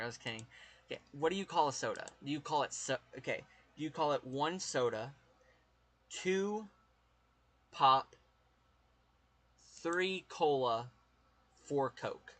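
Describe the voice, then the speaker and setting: A man's voice: on the high side, bright, forceful tone. A man with a Southern US accent, chatting casually with his live-stream viewers, rambling and swearing as he talks to chat.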